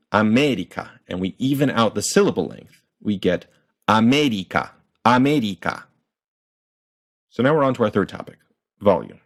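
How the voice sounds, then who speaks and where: A man explaining pronunciation in a clear, methodical lesson and sounding out example words. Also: on the low side. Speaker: language teacher.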